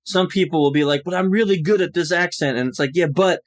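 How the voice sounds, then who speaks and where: A man's voice: sits high, fast talker. Easygoing man hosting a podcast. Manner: easygoing, laughs often. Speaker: podcast host. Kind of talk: casual chat.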